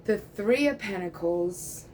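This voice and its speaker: A woman's voice: mid-range voice, lively intonation, slow pace, a little mellow, slight background noise, low-quality recording. A woman in her thirties giving a casual tarot reading, chatty and reassuring, checking in often and now and then calling the listener "bro". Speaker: tarot reader.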